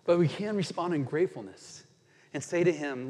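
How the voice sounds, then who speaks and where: A man preaching a sermon as pastor, earnest, slowing down dramatically when he quotes scripture. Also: on the high side, a little mellow. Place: church sanctuary. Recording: church hall reverb.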